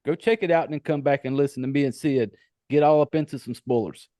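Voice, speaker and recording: A man's voice: on the high side, quick pace, warm tone, no echo, studio quality. A man with a Southern US accent hosting a podcast interview, chatty, laughing often and swearing freely. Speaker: podcast host. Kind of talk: casual interview chat.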